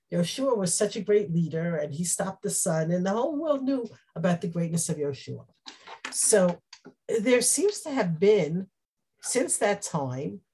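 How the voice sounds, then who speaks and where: A woman teaching a Bible class, explaining the text with Hebrew terms and acting out the quoted speech with lively energy. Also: mid-range voice, husky. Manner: animated, acts out quoted speech.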